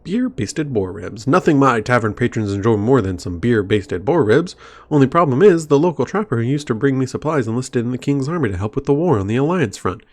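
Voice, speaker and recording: A man's voice: mid-range voice, animated, fairly quick, natural voice. A man reading the lines of a hearty male dwarf tavern keeper from a game, folksy and eager.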